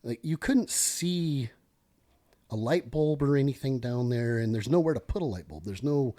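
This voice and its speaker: A middle-aged man, a former police lieutenant, telling a story as a podcast guest in an animated, self-interrupting way. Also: mid-range voice, moderate pace.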